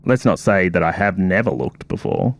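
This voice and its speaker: A man voicing a guarded male thief and marine, giving short, flat answers in character at a tabletop game. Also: low-pitched, normal speed, vocal fry, full character voice.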